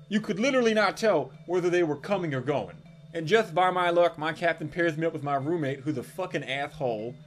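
A young adult man telling a crude comic story in an animated, irreverent way with punchy delivery. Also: sits high. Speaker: comedic storyteller.

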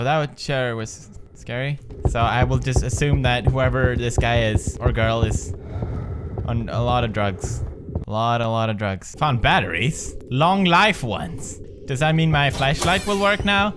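A man doing horror game commentary, jumpy, sarcastic and profane. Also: mid-range voice. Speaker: gaming video creator.

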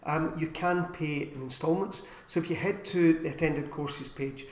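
A man with a fairly high voice chats through a casual live stream, rambling a little and pausing on fillers. The sound is roomy, with an echo off the walls. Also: fairly even intonation. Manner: chatty, rambling, with filler pauses.

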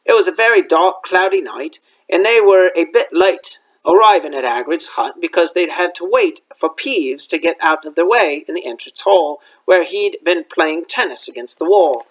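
Male teacher, children's novel read-aloud, expressive. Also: on the high side, rough recording. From United States. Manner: expressive storyteller.

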